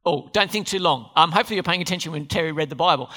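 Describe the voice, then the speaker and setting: Animated preacher man, bright lively voice. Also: high-pitched, fast, hardly any pauses. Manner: animated, asks the congregation questions. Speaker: pastor. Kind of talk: sermon. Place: church.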